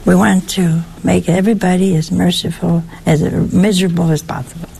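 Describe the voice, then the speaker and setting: Gravelly-voiced woman preaching a sermon. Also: on the low side, brisk. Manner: lively, teasing rhetorical questions.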